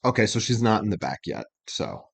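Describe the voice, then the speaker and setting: A man with a fairly low, everyday voice walks through song lyrics piece by piece in relaxed reaction-video chat. He explains patiently and clears his throat often between thoughts. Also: brisk. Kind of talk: casual lyric breakdown.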